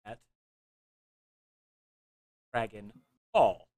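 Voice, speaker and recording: A man hosting a casual podcast chat, upbeat and quick to laugh. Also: fairly low pitch, lively intonation, a little mellow, dry recording. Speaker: podcast host.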